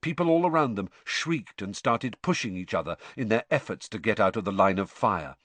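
A man narrating an audiobook in an animated storytelling manner. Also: on the low side, moderate pace, no room sound. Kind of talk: scripted narration.

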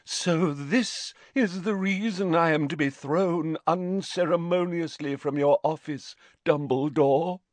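Casting: man doing a high, swooping, melodramatic woman seer for an audiobook, dry close read. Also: slow, hardly any pauses, no room sound. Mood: wounded, dramatic. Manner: dramatic, affronted. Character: theatrical eccentric female seer, dramatic. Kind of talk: audiobook character voice.

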